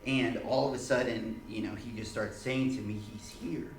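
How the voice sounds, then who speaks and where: An earnest man leads a church group, speaking in a halting way and often restarting his sentences. His voice sits at a middle pitch. It is caught from a distance in an echoey room with a faint hiss underneath. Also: fairly even intonation. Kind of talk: informal church teaching with personal story.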